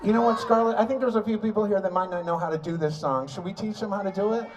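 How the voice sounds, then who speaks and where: A man's voice: sits high, quick pace, music in the background. A man fronting a band at a large live concert, singing and bantering playfully with the crowd through a stage mic. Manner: playful, joking crowd work.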